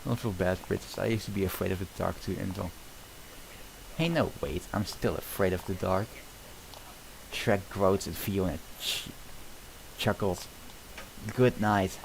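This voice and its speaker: Low gravelly streamer man. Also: a little slow, long pauses, slight background noise, poor audio. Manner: loose and offhand, with filler words. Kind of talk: casual stream chat and script narration.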